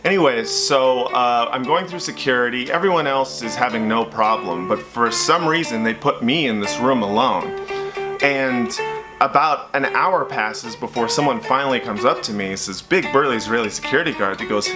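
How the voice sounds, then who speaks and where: A male stand-up comedian telling a long, self-mocking story in an excitable way. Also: medium pitch, normal speed, music in the background.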